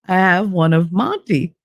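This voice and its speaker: A woman's voice: fairly low pitch, no echo, clean studio sound. A woman live streamer in casual chat, rambling from one story to the next, giggling and swearing freely.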